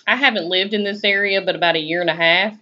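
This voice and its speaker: A woman's voice: mid-range voice, steady tone, quick pace, pushed and bright. A woman with a Southern US accent, chatting casually on her live stream and answering viewers' comments in a laid-back, drawling way. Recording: dull lo-fi stream audio.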